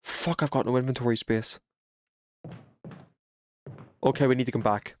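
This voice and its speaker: A British man giving casual gameplay commentary on a livestream, chatty and swearing freely with sudden excited outbursts. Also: mid-range voice, normal speed, slight background noise.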